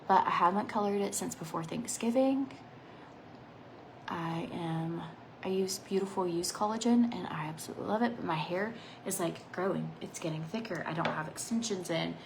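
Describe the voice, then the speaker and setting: A woman in her thirties chatting casually through a makeup vlog, rambling between asides, her phrase endings often trailing off into a soft near-whisper. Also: lowish voice, normal speed, vocal fry, background noise. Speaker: makeup vlogger.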